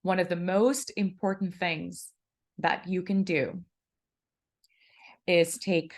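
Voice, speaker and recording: A woman's voice: lowish voice, fairly even intonation, takes it slowly. A woman leading a guided breathing exercise, giving instructions and counting breaths aloud.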